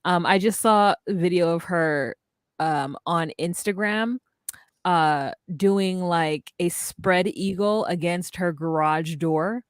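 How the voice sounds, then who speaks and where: A woman's voice: lowish voice, slow, clear, resonant tone, no echo, clean studio sound. A woman co-hosting a casual recap podcast, chatty and wry, telling the story with asides. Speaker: podcast co-host recapping a reality show. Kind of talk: casual chat.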